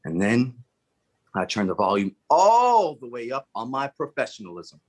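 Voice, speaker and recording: Husky, animated male storyteller. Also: medium pitch, normal speed. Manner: theatrical, acts out the other people in the story. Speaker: Toastmasters speaker. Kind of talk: dramatic storytelling speech.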